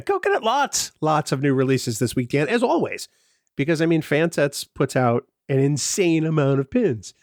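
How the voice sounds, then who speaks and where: A man's voice: fairly high pitch, lively intonation, normal speed, a little mellow, no room sound. A man co-hosting a podcast, reading a sponsor spot and trading dry teasing banter. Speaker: podcast co-host. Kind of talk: casual chat and sponsor read.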